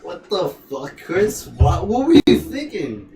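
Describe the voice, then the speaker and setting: A man's voice: on the high side, sing-song, takes it slowly, over music. A young man co-hosting a podcast, prodding with teasing, pushy questions in casual chat. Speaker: podcast co-host. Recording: echoey room, mic far off.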